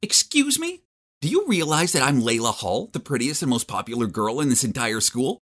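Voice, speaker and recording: A man's voice: medium pitch, very animated, normal speed, fairly bright tone. A man voicing an arrogant, pushy teenage girl who is a popular cheerleader, with a demanding, bossy manner. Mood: indignant.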